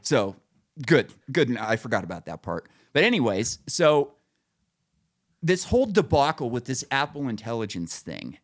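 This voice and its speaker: A man co-hosting a podcast in casual chat, telling a story with lots of swearing and acting out the voices of the people in it. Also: moderate pace. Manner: profane, animated storytelling; acts out quoted voices, pitching up. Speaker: podcast co-host.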